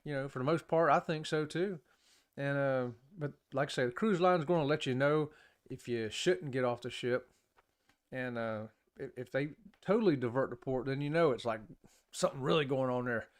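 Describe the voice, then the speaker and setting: A man's voice: medium pitch, normal speed. A man hosting a casual live-streamed talk show, rambling, chatting with viewers and laughing often. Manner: laughs often between remarks.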